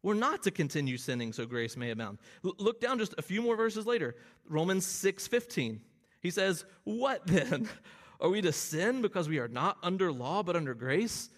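A man's voice: high-pitched, sing-song, normal speed. A man preaching an expository sermon, earnest and explanatory, rising to emphatic bursts on key phrases. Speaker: pastor.

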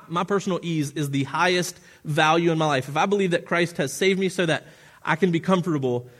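A man's voice: on the high side, fairly bright tone. A man preaching a sermon as pastor, earnest and often restarting his phrases, with the odd chuckle at his own asides.

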